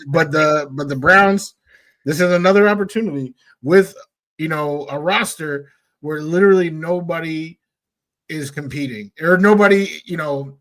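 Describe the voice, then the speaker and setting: A man co-hosting a casual sports talk show, relaxed, laughing easily and hedging with fillers. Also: a little high, moderate pace. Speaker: podcast co-host.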